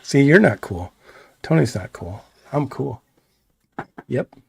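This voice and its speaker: A man co-hosting a live stream, chatting casually and excitedly, rambling and laughing often. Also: medium pitch, takes it slowly, creaky, slightly rough, dry recording. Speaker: co-host of a live stream show. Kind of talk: casual banter.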